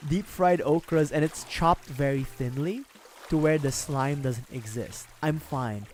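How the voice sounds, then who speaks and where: A man's voice: a little high, very animated, takes it slowly, darkish tone, slight background noise. A young man streaming, chatting casually and rambling, with frequent laughs. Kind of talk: casual livestream chat.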